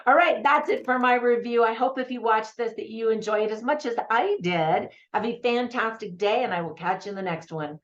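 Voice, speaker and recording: A woman's voice: a little high, a little fast, few pauses, dull audio. A middle-aged woman giving a casual, upbeat movie review, chatty and friendly to the viewer. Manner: chatty, upbeat, quotes lines in put-on voices.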